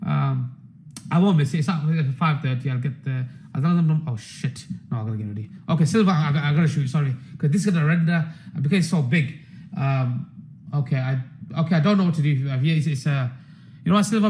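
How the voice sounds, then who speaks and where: A man's voice: on the high side, dark tone, low-quality recording. A man hosting a members' market stream, rambling, swearing and repeating himself in a casual rant.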